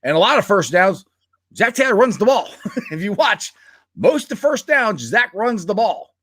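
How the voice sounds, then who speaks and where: Lively, animated sports-podcast co-host man. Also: high voice, normal speed, dry recording, studio quality. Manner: animated, laughs often, restarts sentences. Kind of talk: casual sports chat.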